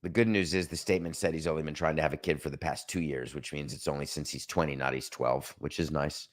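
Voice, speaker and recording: A middle-aged man with a lowish voice delivers an opinionated sports commentary monologue as host of his show. He is sarcastic and emphatic, hammering his points home and mocking excuses. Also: a bit bright. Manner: sarcastic, emphatic, rants with mock quotes.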